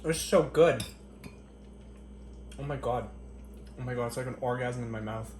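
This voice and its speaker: A man's voice: mid-range voice, moderate pace, noisy background. A man doing a casual kitchen vlog at home, joking crudely and profanely to the camera, murmuring happily as he tastes his cooking. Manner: tasting food between lines with appreciative murmurs. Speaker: cooking vlogger. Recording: echoey kitchen.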